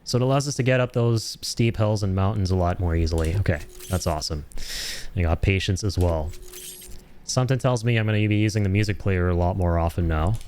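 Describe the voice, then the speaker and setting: A man's voice: low-pitched, brisk, a little mellow, slight background noise. A young man of Indian origin giving casual, chatty commentary while streaming a game and greeting his chat.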